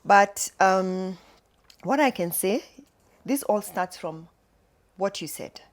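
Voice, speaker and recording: A middle-aged mother talks through her thoughts in a relaxed conversation. Her pace is measured and she often stops to restart a phrase. Her voice sits at an ordinary middle pitch. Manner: measured, reflective, halting. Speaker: guest, mother. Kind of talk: casual conversation.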